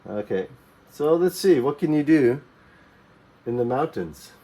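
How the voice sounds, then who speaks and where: A man's voice: medium pitch, expressive, measured pace, mellow. A man teaching a geography lesson to young learners, repeating key words and checking understanding with frequent "okay" and "right?".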